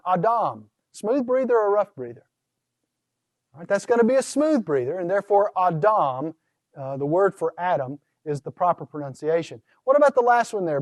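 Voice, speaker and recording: A man with a high voice lectures in a patient, teacherly way, putting questions to his students and then answering them himself. The sound is dry and close, with no room echo. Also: a little mellow. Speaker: Greek instructor. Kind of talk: recorded course lecture.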